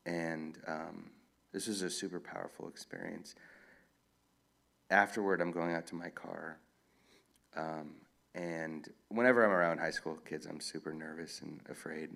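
A man, an author, answering audience questions in a relaxed, rambling storytelling way at a live event. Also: sits low, a little slow, vocal fry. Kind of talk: casual Q&A talk.

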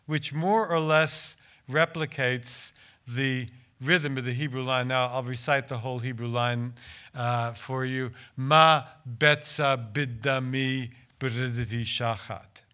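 An older man with a bright, forward voice lectures about translating poetry. He hesitates often, repeating words and restarting his sentences as he thinks aloud. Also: mid-range voice, fairly even intonation, clean tone. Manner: hesitant, stammering restarts in explanation, measured and declamatory when reciting. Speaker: translator giving a talk.

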